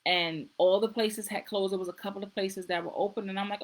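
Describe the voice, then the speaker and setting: A woman's voice: medium pitch, a little fast, rough recording. Middle-aged woman host, earnest, casual, circles back on her words. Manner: warm, earnest, repeats herself. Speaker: nurse practitioner. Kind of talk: casual live-stream talk.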